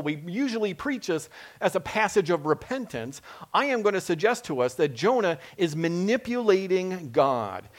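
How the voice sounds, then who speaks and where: A man delivering a lively sermon in a slightly raised voice. He preaches with animation and acts out the lines he quotes. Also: sits high, moderate pace.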